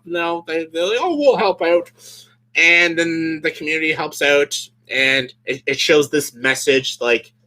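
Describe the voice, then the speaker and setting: A man's voice: on the high side, sharp tone. A man vlogging a casual comedic movie rant, sarcastic, filling his speech with "like" and laughing often.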